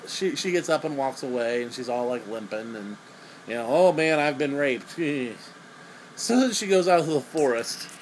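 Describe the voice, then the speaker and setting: A young man with a slightly high voice rambles through a crude, sarcastic movie review. He swears freely and stumbles over repeated words. A faint air-conditioner hum runs underneath. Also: low-quality recording.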